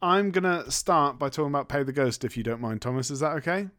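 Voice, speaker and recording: A man's voice: mid-range voice, fast talker, dry recording, studio quality. A man casually recapping a film as a podcast co-host, telling it as a story and briefly putting on voices for the characters. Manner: animated storyteller, acts out characters in jokey voices.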